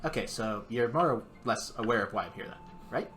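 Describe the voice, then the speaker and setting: A man's voice: on the low side, expressive, brisk, a bit bright, faint music behind. A man playing his character in a tabletop game, talking hesitantly with many fillers and restarts. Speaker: player voicing his character. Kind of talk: in-character tabletop role-play.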